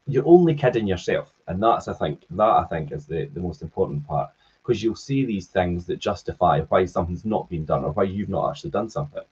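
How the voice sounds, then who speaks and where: A man's voice: sits low, expressive, fairly quick, darkish tone, breathy edge. A man co-hosting a business podcast in casual chat, agreeable and reflective. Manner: agreeable, reflective, brief backchannels. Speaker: podcast co-host. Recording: dull lo-fi podcast audio.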